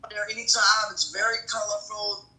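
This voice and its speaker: A woman's voice: mid-range voice, level tone, normal speed, pushed and bright. A woman on a group call, apologetic and enthusiastic as she describes things. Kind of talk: casual group chat. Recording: echoey connection, cutting out.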